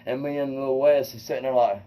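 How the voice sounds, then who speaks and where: A man telling a wild personal story to viewers, animated and swearing, acting out quotes loudly. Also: mid-range voice, brisk, low-quality recording. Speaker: comedian host.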